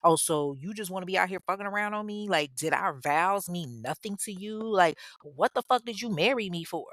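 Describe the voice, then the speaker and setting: A woman's voice: lowish voice, animated, a bit bright, no room sound. A woman voicing a furious, indignant young wife who has found out her husband is cheating, in a true-crime podcast retelling. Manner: angry, rapid, indignant.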